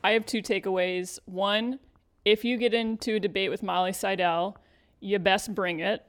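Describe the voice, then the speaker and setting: A woman co-hosting a podcast with a measured, upbeat delivery. Her voice sits at an ordinary middle pitch, and she reads out listener questions in a casual tone. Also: fairly even intonation. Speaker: podcast co-host.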